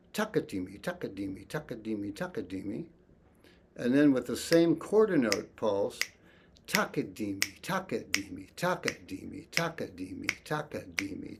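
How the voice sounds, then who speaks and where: A man teaching an online music lesson, speaking softly and thoughtfully and chanting rhythm syllables. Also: medium pitch.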